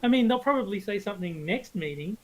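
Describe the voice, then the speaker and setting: A man's voice: high-pitched, expressive, fast talker, a loud crowd, rough recording. Podcast guy walking through game roles, chill chatty delivery, lots of uh and restarts. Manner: explains rules step by step, with many fillers and restarts. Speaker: podcast co-host. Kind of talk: casual chat explaining game roles.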